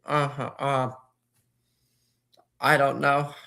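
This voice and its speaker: A man hosting a casual livestream, talking hesitantly with lots of fillers and pauses. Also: medium pitch, level tone, creaky, sharp tone. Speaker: livestream host.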